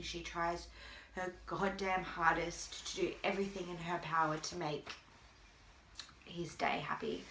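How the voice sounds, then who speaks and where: A mother talking to camera in a halting way, with long pauses, holding back tears. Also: on the low side, steady tone, a bit bright, a little hiss or hum. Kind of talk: personal video appeal. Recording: echoey room.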